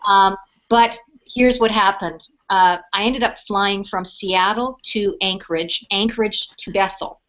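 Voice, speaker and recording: A middle-aged woman speaking on a webinar, telling a personal story in a casual, animated way and acting out the people in it. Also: mid-range voice, measured pace. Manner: animated storyteller, acts out quoted voices. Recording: dull lo-fi webinar audio.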